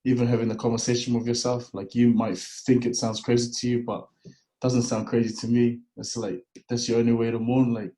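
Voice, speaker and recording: A man's voice: medium pitch, completely flat delivery, brisk, warm tone, rough recording. A man hosting a casual chat, encouraging his guest and laughing easily. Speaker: host.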